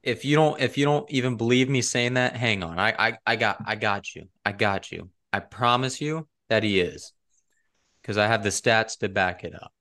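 A young man hosting a casual sports chat, animated and argumentative. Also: fairly low pitch, moderate pace. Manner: animated and argumentative, leading the rundown. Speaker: podcast host.

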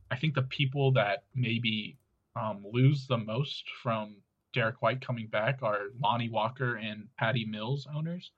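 Lo-fi man giving fantasy basketball analysis. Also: medium pitch. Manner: steady, analytical, with many ums. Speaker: fantasy basketball podcast co-host. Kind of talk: casual sports chat.

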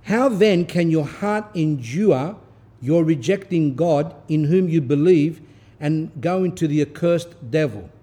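Man, sermon, stern reading with asides, mellow, slightly high. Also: expressive, measured pace, slightly rough. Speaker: Orthodox priest giving a talk. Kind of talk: sermon reading a text with commentary.

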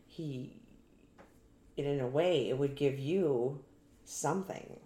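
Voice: medium pitch, slow, warm tone. An interview host offering reflective, sympathetic comments to a guest. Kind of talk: sit-down interview. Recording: roomy, echoey room.

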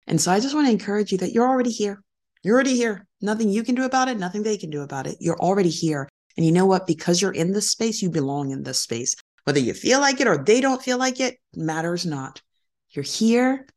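A woman's voice: medium pitch, animated, brisk, darkish tone. A middle-aged woman hosting a podcast, talking earnestly and encouragingly and repeating her key phrases. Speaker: podcast host. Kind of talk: motivational podcast monologue.

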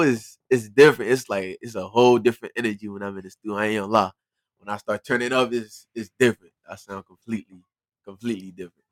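A young man from Liberia, a rapper as guest, chatting casually in a soft, laid-back voice. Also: on the low side, fast talker, no echo, clean studio sound. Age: young adult. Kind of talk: casual interview chat.

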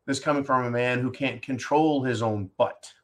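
A man hosting a talk show, reading a listener's question and then ranting at length in a sarcastic, animated way, often calling his listeners "folks". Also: mid-range voice, normal speed. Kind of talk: casual opinion talk show.

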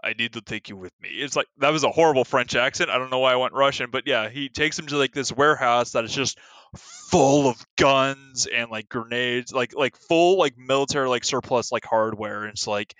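A man's voice: medium pitch, moderate pace, a bit bright, dry recording. A man chatting casually about a monster movie, rambling with lots of filler words and a sarcastic edge.

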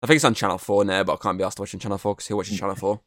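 A man hosts a laid-back podcast, talking in long, rambling stretches peppered with swearing and easy laughter. His voice sits a little low, and the sound is close and dry on a headset mic. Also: fairly even intonation, racing, a bit bright, dry recording. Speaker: podcast host. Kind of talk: casual chat.

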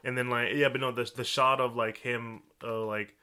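Bright-voiced man searching for words. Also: mid-range voice, flat delivery, smooth. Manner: halting, restarts often, searches for words. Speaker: podcast co-host. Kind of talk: casual film review chat.

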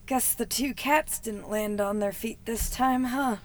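A woman's voice: on the high side, unhurried, a little hiss or hum, lightly acted. A woman voicing a battered, wisecracking young cat-folk adventurer in a tabletop game. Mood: wry weary. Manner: dry, weary, wisecracking.

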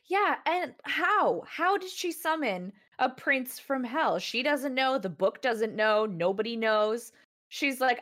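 A woman co-hosting a casual book-club podcast, talking through a story with dry sarcasm. She breaks into laughter often and slips into quick mock voices for the characters. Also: high voice, lively intonation, a bit bright. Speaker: podcast co-host.

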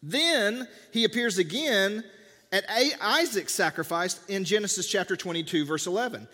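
A man's voice: high-pitched, lively intonation, moderate pace, pushed and bright, big-room sound. A man preaching a sermon in a church, talking conversationally and acting out the dialogue of biblical scenes. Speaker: pastor. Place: church sanctuary.

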